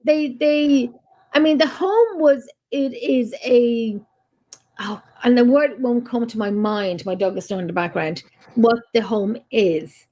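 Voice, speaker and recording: Over a video call on a live stream, a female co-host chats casually in a slightly high, dark-toned voice at a measured pace. Her storytelling rambles and is full of exclamations.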